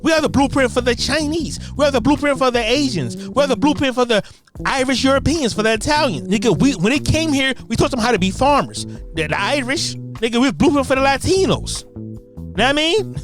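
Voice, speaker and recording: A high-pitched American voice swings wildly up and down through a loud, profane, combative rant, while clear music plays underneath. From United States. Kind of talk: ranting monologue.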